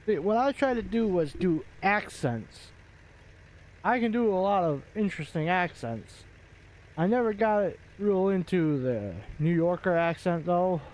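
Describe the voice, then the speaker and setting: Into a desk microphone, a man who makes gaming videos rambles casually as he plays, full of fillers and restarts. His voice runs on the high side with a darkish tone.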